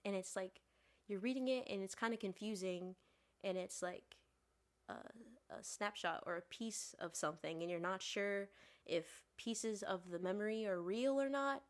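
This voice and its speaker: A woman poet, a podcast guest, casually explaining her poems in a relaxed, halting way with many fillers. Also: mid-range voice.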